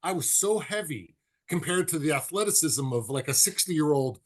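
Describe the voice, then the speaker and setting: Animated man telling radio stories. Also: on the high side. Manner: animated storyteller, does quick impressions. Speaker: podcast co-host. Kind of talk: casual sports chat.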